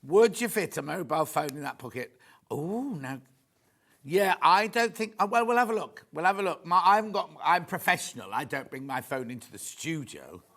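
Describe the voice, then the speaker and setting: Gushing, lively man in a TV studio. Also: a little high, normal speed, vocal fry. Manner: chatty, rambling, gushing asides. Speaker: shopping channel presenter. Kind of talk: live sales demo chat.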